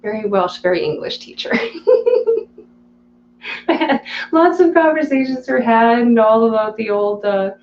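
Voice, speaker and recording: A woman hosting a casual live stream, reading viewer chat aloud, chatty and quick to laugh. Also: fairly high pitch, a little mellow, reverberant, dull audio, slight background noise.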